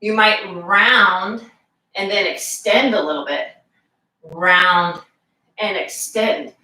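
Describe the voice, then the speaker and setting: A woman fitness instructor leading a live exercise class, calmly giving cues and counting reps aloud. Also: medium pitch, takes it slowly. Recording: echoey room, voice from far off.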